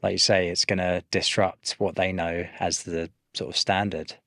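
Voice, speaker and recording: A man's voice: deep voice, level tone, moderate pace, sharp tone, dry recording, studio quality. A man hosting a podcast, asking questions while thinking aloud, with hesitations and restarts. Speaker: podcast host. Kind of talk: conversational podcast interview.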